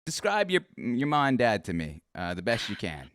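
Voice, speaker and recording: A man's voice: on the low side, wildly swooping pitch, moderate pace, a bit bright, no echo, clean studio sound. A man hosting a casual interview, reacting with playful enthusiasm and asking about family. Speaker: podcast host.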